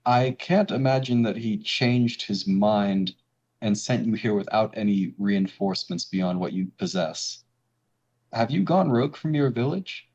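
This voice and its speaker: A man voicing a calm, measured male ninja commander in a tabletop game, speaking with hesitant pauses. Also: lowish voice. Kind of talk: game master voicing a character. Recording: slightly dull lo-fi audio.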